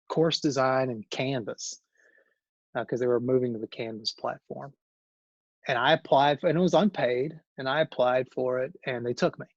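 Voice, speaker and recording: A man's voice: mid-range voice, no echo. A man, an engineering librarian, telling his career story in an informal talk, rambling and correcting himself as he goes. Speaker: guest speaker, engineering librarian. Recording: dull lo-fi call audio.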